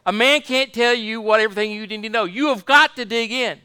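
High, bright-voiced man preaching. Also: brisk, clean tone, no room sound. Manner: fervent, repetitive, asks the congregation for amens. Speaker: pastor. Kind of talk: sermon.

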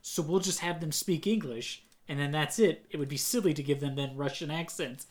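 A speaker in casual chat, reviewing a movie with a co-host in a quick, questioning way. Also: mid-range voice.

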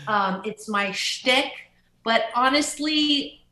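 A woman author and motivational speaker in an interview, telling stories in an upbeat, animated way and swooping up into high voices. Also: takes it slowly, echoey room, rough recording. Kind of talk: podcast interview.

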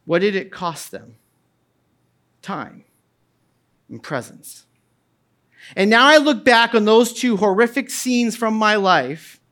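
A middle-aged man preaching a sermon as pastor, moving from hushed tones to loud calls, with casual asides. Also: extremely high pitch. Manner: impassioned, swings from quiet to loud.

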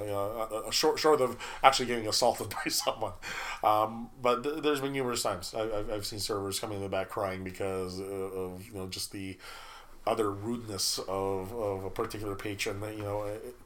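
A middle-aged man telling work stories in casual chat, stumbling through restarts and repeated words and laughing often. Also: fairly low pitch.

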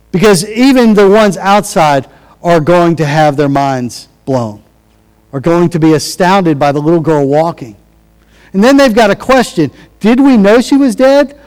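Male pastor, sermon, high-pitched, chatty delivery, long hall reverb. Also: a little mellow. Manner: conversational, restarts and acted-out quotes.

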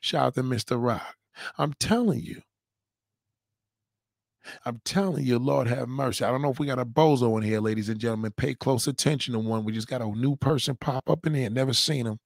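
Reacting to a clip on his livestream, a host mocks and heckles the guest in it, barking profane, repetitive commands. His mid-range voice is creaky and a little fast, recorded dry with clean studio sound.

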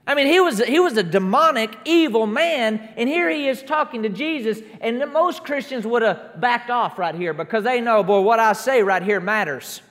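A man preaching a sermon, emphatic, stacking repeated declarations that build up to shouts during a church service. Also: very high-pitched, lively intonation, moderate pace, few pauses. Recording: long reverb of a large hall.

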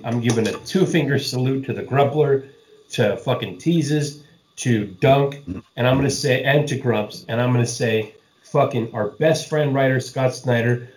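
A man co-hosting a casual podcast chat, excitable and profane, laughing often and swearing freely. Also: medium pitch, reverberant, rough recording. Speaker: podcast co-host.

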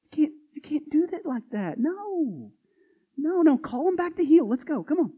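A man doing a hushed, scolding religious stickler. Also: very high-pitched, big pitch swings, normal speed, narrow, tinny audio, pitched above the performer's own voice. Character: scolding rule-bound religious man, urgent.

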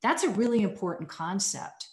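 A woman guest on a podcast, telling a personal story in an earnest, animated way. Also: mid-range voice, moderate pace. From United States. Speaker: podcast guest, communications executive. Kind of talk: casual storytelling interview. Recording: echoey room.

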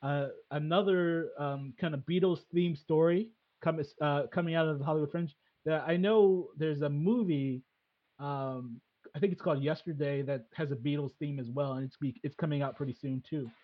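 A man's voice: fairly high pitch, normal speed, dull audio. A man hosting a casual chat, hesitant and full of fillers and restarts. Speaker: podcast host.

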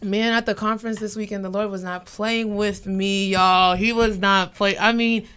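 A woman in casual group chat, telling stories with energy and acting out what people said in hushed voices. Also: medium pitch, moderate pace, clean tone. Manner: animated storyteller, acts out quotes in hushed voices.

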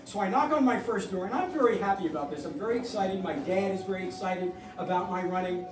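A man's voice: high voice, quick pace. Wry New man telling a stage story. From New York. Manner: wry, profane, self-mocking. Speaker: comedian telling a personal story. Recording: roomy live hall from a distance.

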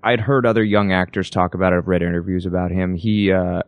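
A young man, an actor guest, telling animated stories with many restarts in a casual interview. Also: low-pitched, fast talker, no room sound, narrow, tinny audio. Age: young adult. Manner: animated anecdote teller, frequent restarts.

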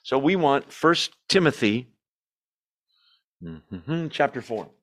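A man's voice: mid-range voice, big pitch swings, slow, a bit bright. A man leading an informal Bible study, explaining verse by verse with conversational asides. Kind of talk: informal teaching.

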